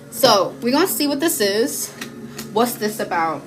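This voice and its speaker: A woman's voice: fairly high pitch, big pitch swings, a little slow, music in the background. A young woman giving a casual livestream tarot reading, chatty and encouraging, laughing easily.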